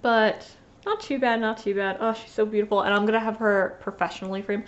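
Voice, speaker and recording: A woman talks through her stitching finishes in a loose, rambling chat, circling back with fillers and restarts. A slight lisp softens her S sounds, and her voice sits at an ordinary middle pitch. The home recording is dull and lo-fi. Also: steady tone, a little fast. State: sniffly after sneezing. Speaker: cross-stitch vlogger. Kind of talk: casual show-and-tell chat.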